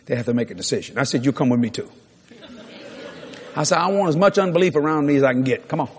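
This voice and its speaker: A man preaching a sermon, telling a story with lively acted-out dialogue and repeating his key lines for emphasis. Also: medium pitch. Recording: long hall reverb.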